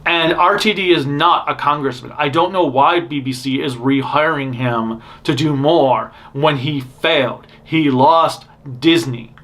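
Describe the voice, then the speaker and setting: A man's voice: on the high side, measured pace, few pauses, fairly bright tone. A man hosting a fan news show, rambling through blunt opinions with frequent restarts and self-interruptions. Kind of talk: casual opinionated news commentary.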